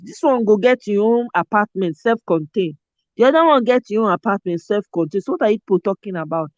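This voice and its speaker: An animated Nigerian woman chats as a host, her accent strong and her delivery full of pidgin turns. The sound is dry and slightly muffled, like a low-fi setup. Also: fairly quick, no echo. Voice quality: animated, mixes pidgin and Yoruba phrases. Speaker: show host. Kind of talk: casual chat.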